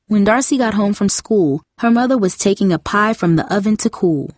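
A woman narrating a children's novel aloud in an even, measured way. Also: medium pitch, no room sound, clean studio sound. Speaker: audiobook narrator. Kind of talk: scripted narration.

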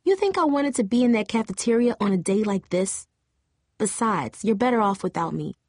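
A woman's voice: mid-range voice, animated, normal speed, a little mellow, dry recording, studio quality. A woman reading an audiobook, voicing a tearful, bitter teenage girl cheerleader in a shaky, raised voice. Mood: upset. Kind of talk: audiobook character voice.

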